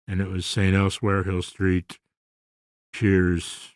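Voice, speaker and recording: A man's voice: deep voice, takes it slowly, no echo, clean studio sound. A man in his seventies, a comedy actor, chatting as a podcast guest in an easygoing, meandering way. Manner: relaxed, rambling, many fillers. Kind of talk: conversational interview.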